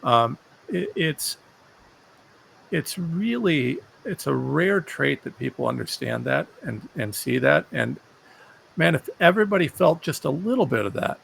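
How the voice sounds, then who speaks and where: A man's voice: on the high side, big pitch swings, a little slow, gravelly, fairly bright tone, a little hiss or hum. A man hosting an interview, talking earnestly and often repeating words as he gathers his thoughts. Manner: earnest, repeats words while searching for them. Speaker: show host. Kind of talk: conversational interview.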